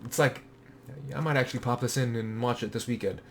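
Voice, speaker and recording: A man talking casually in a vlog, blunt and rambling, swearing freely and jumping between quick asides. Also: mid-range voice, slight background noise. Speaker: collector showing his movie collection.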